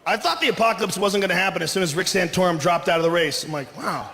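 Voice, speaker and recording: A man from Boston doing stand-up, talking high and loud with a lot of swearing, and snapping into quick character voices. His voice carries through a long, reverberant hall with steady noise behind it. It sounds like a live set picked up from the stage. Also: vocal fry. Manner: loud, profane, acts out characters mid-bit. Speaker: stand-up comedian. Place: comedy venue on stage. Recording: live comedy club recording with reverb, audience noise.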